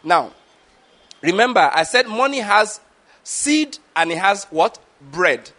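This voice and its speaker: A man's voice: sits high, big pitch swings, takes it slowly, pushed and bright. A man, preaching a teaching sermon and often checking that the listeners follow. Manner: asks the audience questions, repeats words. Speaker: pastor.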